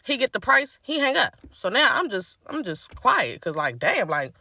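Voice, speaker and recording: Animated woman telling a storytime. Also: on the high side, normal speed, no room sound, clean studio sound. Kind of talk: casual storytime.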